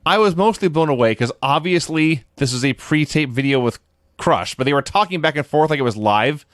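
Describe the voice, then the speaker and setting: A man's voice: on the high side, lively intonation, fairly quick, fairly bright tone, no echo. A man co-hosting a podcast, recapping matches in a dry, wry storytelling way and laughing now and then. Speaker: podcast co-host. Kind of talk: casual chat recapping shows.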